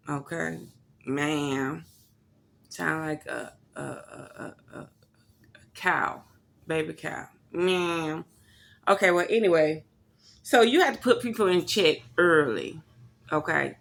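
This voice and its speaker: A woman telling a story to her camera in a blunt, profane, animated rant. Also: low-pitched, creaky. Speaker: vlogger.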